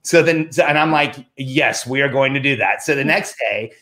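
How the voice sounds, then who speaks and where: A man's voice: mid-range voice, moderate pace. A middle-aged man casually telling a personal story, animatedly quoting himself and others along the way. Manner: animated anecdote teller, quoting himself in rising voice.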